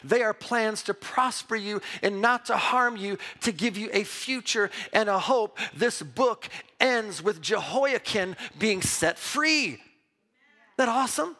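A man preaching a sermon as pastor, emphatic and lively, mixing Bible reading with personal stories told with restarts. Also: sits high, a little slow. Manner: repeats words and restarts when telling stories.

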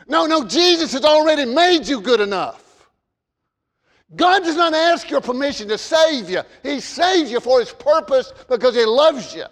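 High-voiced preacher man in a reverberant hall. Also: sing-song, unhurried, pauses often. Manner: repeats words, swings from loud emphasis to quiet. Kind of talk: sermon.

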